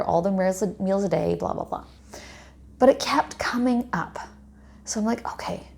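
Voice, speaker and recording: A woman's voice: mid-range voice, warm tone. A woman working as a life coach, talking to her viewers without a script in a chatty, rambling way full of asides. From Canada. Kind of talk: unscripted talk to camera.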